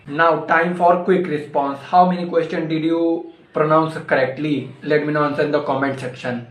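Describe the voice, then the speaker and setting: A man teaching pronunciation, repeating single words slowly in a drill. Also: a little high, fairly even intonation. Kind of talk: pronunciation lesson to camera. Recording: echoey room.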